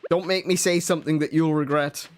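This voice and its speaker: A man's voice: fairly high pitch, fairly even intonation, a little fast, soft background music. A young man chatting casually and joking as he plays a farming game with a guest, laughing often and thinking aloud. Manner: joking, chuckly, thinks aloud while playing. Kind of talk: casual gameplay chat.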